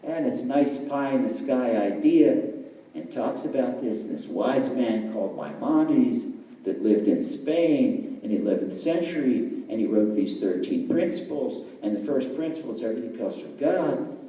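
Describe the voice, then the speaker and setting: A man telling a story in a sermon, animated, acting out the characters' voices as he goes. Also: mid-range voice, normal speed. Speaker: rabbi giving a lecture. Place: large lecture hall. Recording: echoey hall, speaker far from mic.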